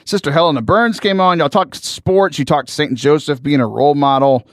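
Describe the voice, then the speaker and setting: Man, podcast host, joking, fairly high voice, dry close sound. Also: moderate pace, dry recording. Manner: friendly, joking. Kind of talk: casual interview.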